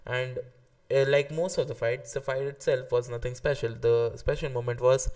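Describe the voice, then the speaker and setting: A man in casual live-stream reaction commentary, excitable and swearing freely, often restarting his sentences. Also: medium pitch, normal speed, distant mic. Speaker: streamer ranking anime arcs.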